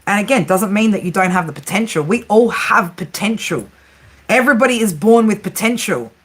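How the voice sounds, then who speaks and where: A woman's voice: medium pitch, animated, fairly quick, slightly rough. A woman in her thirties giving a casual tarot reading to camera, blunt and chatty, swearing freely, laughing often and ending her points with "right?". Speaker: tarot reader and psychic.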